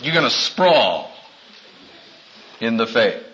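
A man preaching a sermon in a dramatic way, acting out quotes with big swings in pitch. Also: very animated, slow pace, muffled recording, background noise.

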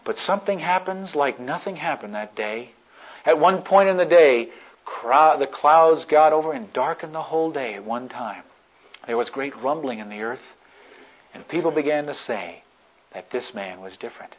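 A man preaches a vivid, story-led sermon in a somewhat high voice. He moves between soft, intimate murmurs and loud, emphatic build-ups. The recording is dull and lo-fi, with little top end.

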